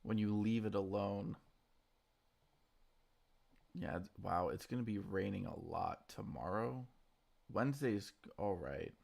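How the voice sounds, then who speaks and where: A tired man streaming his stock trades, talking in a quiet, subdued morning voice and reading out viewers' names in a laid-back way. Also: on the low side, takes it slowly, vocal fry, long pauses. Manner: laid-back, reads chat names aloud. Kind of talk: casual live-stream chat.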